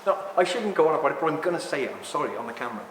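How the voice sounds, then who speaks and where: A man in his sixties speaks to a live audience, rambling and animated, ranting and then apologizing for it. His voice sits a little high. The sound is roomy, with a long hall reverb and faint background noise. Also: very fast. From England. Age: 60s. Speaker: speaker at a talk.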